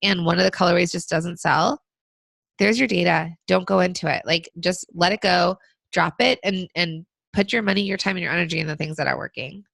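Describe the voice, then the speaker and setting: A woman co-hosting a business podcast, giving casual advice with lots of fillers, her voice still rough from being sick. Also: lowish voice, a little fast, a bit bright, dry recording. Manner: conversational, frequent fillers. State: recovering from illness. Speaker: podcast co-host.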